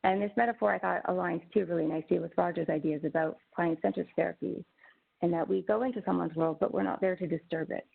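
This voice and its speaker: A woman's voice: fairly low pitch, steady tone, fast talker, gravelly, slightly rough. A woman presenting a teaching webinar as a social worker, talking conversationally with frequent restarts over a video call. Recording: tinny phone-like webinar audio.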